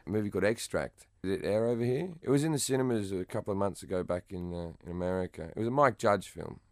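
A man's voice: fairly low pitch, quick pace, a little mellow, no echo, studio quality. A man with an Australian accent, chatting as a comedian guest in an interview, blunt, profane and self-mocking. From Western Australia. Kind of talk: casual interview chat.

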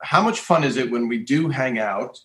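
A man's voice: mid-range voice, lively intonation, normal speed, fairly bright tone, roomy sound. A man guest in a casual chat, teasing and wisecracking. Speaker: guest, comic sidekick.

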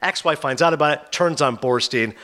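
A man hosting a podcast, rapidly and animatedly retelling a TV finale in a casual chat. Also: a little high, bright, forceful tone. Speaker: podcast host. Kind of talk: casual TV recap.

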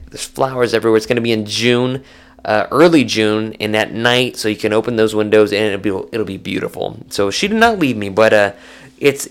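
A young man hosting a solo sports podcast, talking casually in jokey rants that swing between excited highs and low mumbles.

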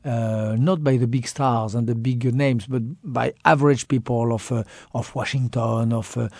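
A man in his fifties with a strong French accent, talking as an author in an interview, expressive and repeating phrases for emphasis. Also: mid-range voice, normal speed, no echo, clean studio sound. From France. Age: 50s. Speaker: author and guest. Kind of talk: interview conversation.

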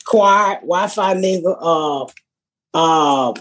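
A woman tells profane, animated stories on a podcast. Her voice is a little husky, and she keeps slipping into other people's voices as she talks. It sounds like easy, casual chat. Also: fairly low pitch, drawn-out words. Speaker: podcast host, comedian.

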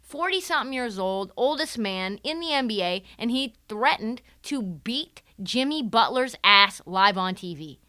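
A high, bright woman's voice swinging all over the place as she rants through casual sports commentary. She swears freely and jokes as she goes. The sound is clean, crisp and dry, with no room in it. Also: a little slow, no room sound. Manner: animated, profane, jokey, acts out quotes. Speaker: podcast host.

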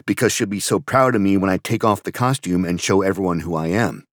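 A man's voice: sits low, fairly quick, no room sound, clean studio sound, natural voice. A man voicing an anxious woman at a fundraiser who asks pleading, breathless questions. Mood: eager. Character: anxious woman at a fundraiser, eager then frightened.

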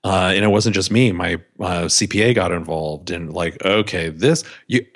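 Candid low-voiced man telling business stories. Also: moderate pace. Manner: candid, self-deprecating anecdotes. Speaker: business owner guest. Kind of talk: podcast interview storytelling.

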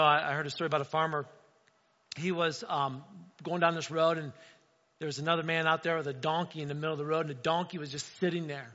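A man's voice: on the high side, pushed and bright. A man preaching a sermon as a pastor, talking in a conversational way with frequent "right?" asides to the congregation. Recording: echoey hall, dull lo-fi sound.

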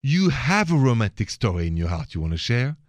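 A man's voice: mid-range voice, sing-song, brisk, no room sound. French-accented male radio host, suave, chatty, dry close studio sound. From France. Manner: suave, chatty, laughs easily. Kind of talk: call-in radio show.

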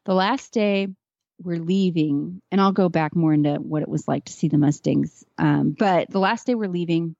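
A woman in casual podcast conversation, speaking earnestly and chattily in a middle pitch. The sound is a bit dull and muffled. The room sounds close and dry, with no echo. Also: normal speed, creaky, darkish tone. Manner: earnest, chatty, tearing up at moments. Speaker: podcast guest, horse trainer.

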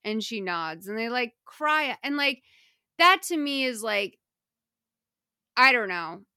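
A woman hosts a podcast and chats through a movie plot, acting out the characters' lines as she goes. Her voice is bright and crisp, and the sound is close and dry. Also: on the high side, takes it slowly, dry recording. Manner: animated retelling, acting out characters' lines, many "like" fillers. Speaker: podcast host. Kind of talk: casual film recap chat.

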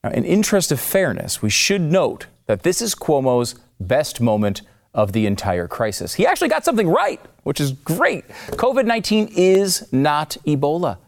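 A man's voice: on the high side, wildly swooping pitch, normal speed, creaky. A man hosting scripted political commentary, sarcastic and mocking with emphatic swings in delivery.

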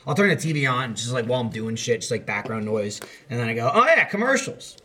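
A man's voice: medium pitch, very animated, fast, pushed and bright. An American man hosting a casual podcast chat, rambling with profanity and mocking asides. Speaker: podcast host.

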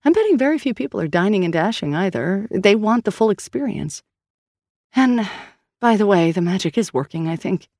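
A woman narrator voicing a brisk, wry female investigator with a slightly raised voice. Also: mid-range voice, big pitch swings, darkish tone, dry recording, clean studio sound, pitched above the performer's own voice.

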